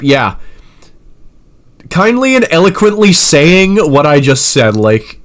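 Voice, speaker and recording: A man reading chat messages aloud in an even, measured way, breaking into loud, sarcastic rants full of swearing. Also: a little high. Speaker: commentator reading chat logs.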